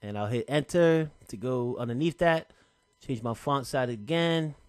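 Chatty man explaining software steps. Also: medium pitch, a little slow, no room sound. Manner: relaxed, chatty, slangy step-by-step explaining. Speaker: software tutorial presenter. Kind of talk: casual screen-recorded tutorial.

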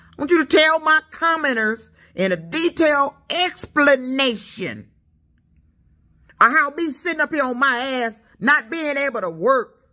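A woman from Detroit whose speech carries a Southern lilt rants at her commenters from the couch of her apartment. Her voice is high and bright, swinging widely in pitch as she stammers, repeats herself and presses her point with indignation. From Detroit, USA. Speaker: YouTuber. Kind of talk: angry rant at commenters.

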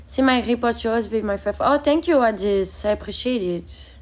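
A woman's voice: on the high side, a little fast, a little hiss or hum. A young woman, sick, chatting casually on a livestream from her bedroom, reading out viewer comments and laughing often.

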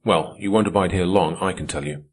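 A man's voice: deep voice, a little fast, husky. A man reading an audiobook, voicing a cool and self-assured young upper-class man with an unruffled manner.

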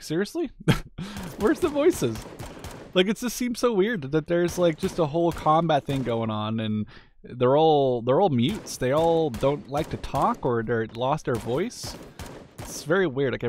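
A man's voice: mid-range voice, slight background noise. A man giving casual, rambling gameplay commentary, mildly ranting and full of fillers as he plays.

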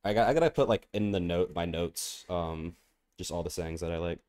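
Low-voiced man rambling goofily while gaming. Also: fairly quick, a little mellow. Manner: goofy, rambling, playful. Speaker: game streamer. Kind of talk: casual gaming stream chat.

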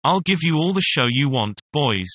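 A man's voice: on the high side, sing-song, moderate pace, bright, forceful tone, no room sound, full character voice. A man reading as a firm young frontier captain. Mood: commanding. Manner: firm, commanding. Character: tall young frontier captain, commanding and protective.

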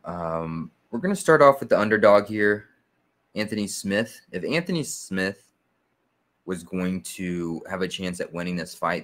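A man hosting his own sports picks channel, explaining his figures step by step in a steady, methodical way with frequent fillers. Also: low-pitched. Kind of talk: casual explanatory video walkthrough.

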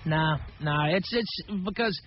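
A high-voiced male comedian tells rambling, animated stories as a guest on a talk radio show. The audio is muffled, with a faint hiss behind it. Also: measured pace. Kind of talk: anecdotal storytelling.

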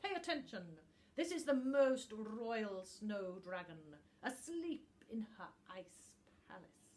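A woman's voice: mid-range voice, big pitch swings, takes it slowly, a little mellow, voice pushed up. A woman voicing a cranky old talking book with a rusty, dusty voice, snapping and sneering at a small creature. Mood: snappish.

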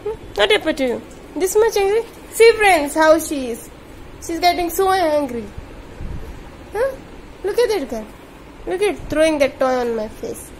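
A woman's voice: very high-pitched, animated, measured pace, pauses often, a little mellow, slight background noise. A woman talks at home to her pet dog and to her viewers. She scolds and coaxes the dog playfully. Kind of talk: casual talk to a pet and viewers. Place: at home indoors.

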